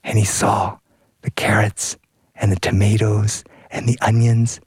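A male storyteller telling a folk tale in a playful, lively, sing-song way. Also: on the low side, a little slow, husky, no echo. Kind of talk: animated storytelling.

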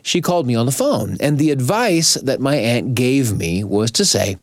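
A male host giving calm, thoughtful, measured commentary after a story. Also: medium pitch, no room sound, studio quality. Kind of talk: reflective radio commentary.

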